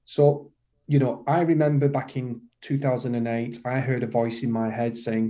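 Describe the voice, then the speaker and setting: A man's voice: medium pitch, flat delivery, normal speed, warm tone. A middle-aged man from the UK, a kindness coach speaking as a guest on a podcast, talking with passion and emphasis, repeating his key phrases. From United Kingdom. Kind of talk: podcast interview conversation.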